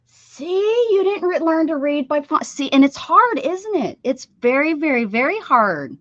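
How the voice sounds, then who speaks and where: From her home craft room, a woman in her fifties hosts a casual livestream, chatty, self-teasing and often laughing. Her high-pitched voice is sing-song, unhurried and a bit bright, with no room sound and the highs cut off.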